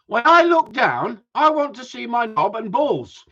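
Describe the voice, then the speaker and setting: A middle-aged man rambles through a casual live stream, blunt and full of swearing and self-mockery. His husky voice swings up and down in pitch. The audio is dull and lo-fi. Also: sing-song, measured pace, bright, forceful tone. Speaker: dog trainer livestreaming.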